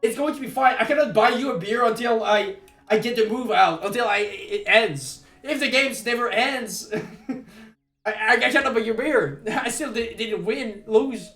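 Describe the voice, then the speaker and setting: High-voiced Québécois French streamer. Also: male voice, moderate pace. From Quebec. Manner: excitable, stammering, laughs often. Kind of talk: casual live-stream chat. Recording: echoey room with faint music.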